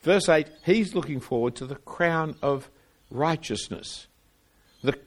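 A man's voice: on the high side, unhurried. A man preaching a sermon, reading scripture aloud and explaining it earnestly, often repeating words as he restarts phrases.

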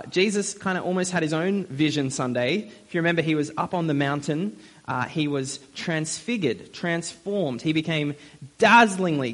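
A young man preaching a sermon in a friendly, conversational way, with frequent fillers. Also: on the high side.

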